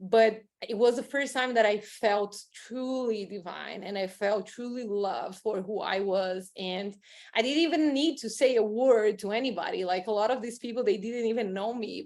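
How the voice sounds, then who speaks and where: A woman's voice: a little high, moderate pace, darkish tone. A woman hosting a podcast as a coach, talking in an effusive, rambling way full of fillers. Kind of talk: casual podcast chat.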